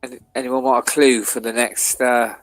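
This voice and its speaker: A man chats on a live stream in a dry, close-miked sound. His voice sits at an ordinary middle pitch, and he teases the others playfully. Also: level tone, moderate pace, no echo. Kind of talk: casual live-stream chat.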